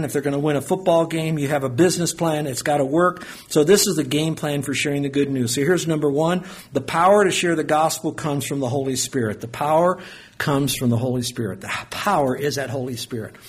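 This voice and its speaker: A middle-aged man preaching a sermon, telling stories in a folksy, animated way that swings from loud to soft. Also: a little high, breathy edge. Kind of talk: sermon with storytelling.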